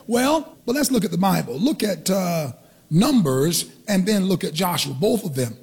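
High, gravelly preacher in an echoey hall. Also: male voice, big pitch swings, moderate pace, darkish tone. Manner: teaching, asks the congregation questions, stretches key words. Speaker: pastor. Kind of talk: sermon.

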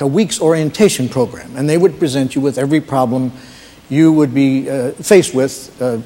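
A man's voice: mid-range voice, darkish tone, big-room sound. A male stand-up comedian setting up a bit, hesitant with many fillers. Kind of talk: stand-up set-up.

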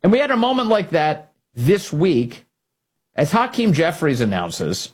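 A man's voice: on the high side, sing-song, a little slow, husky. A man hosting a political commentary show, speaking emphatically and indignantly and repeating key phrases.

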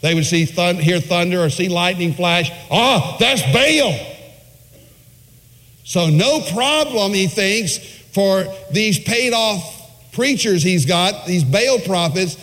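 A male preacher delivering a sermon, retelling a story with emphatic phrasing and dramatic pauses. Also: high-pitched, a bit bright. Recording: long hall reverb.

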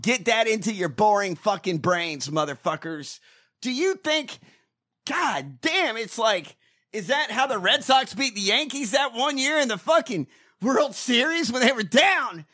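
A man co-hosting a podcast, ranting casually with profanity and shouting now and then. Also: high voice. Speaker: podcast co-host.

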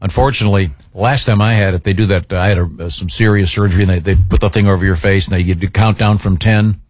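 A man hosting a casual talk show, telling stories in a halting, rambling way with many fillers. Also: sits low, fairly even intonation, no echo. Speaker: show host. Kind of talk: casual chat with guests.

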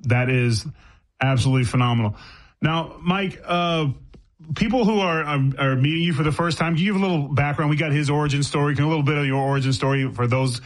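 A man's voice: a little high, fast. A man hosting a casual interview, asking questions with playful, joking banter. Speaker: host.

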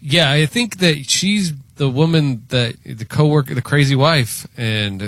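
A man's voice: a little high, unhurried, fairly bright tone, no echo. A man co-hosting a radio show, blunt and matter-of-fact. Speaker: radio co-host. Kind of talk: morning radio chat.

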